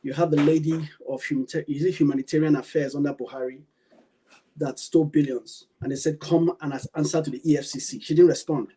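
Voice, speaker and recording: Emphatic Nigerian man with a husky voice. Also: fairly high pitch, warm tone, poor audio. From Nigeria, Edo State. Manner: emphatic, with rhetorical questions and repeated phrases. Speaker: caller. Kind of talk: call-in opinion commentary.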